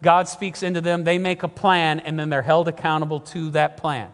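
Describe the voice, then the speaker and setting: Middle-aged male pastor, emphatic sermon delivery, high pitch, long hall reverb. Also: steady tone, normal speed. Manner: earnest, emphatic preaching, often repeats himself.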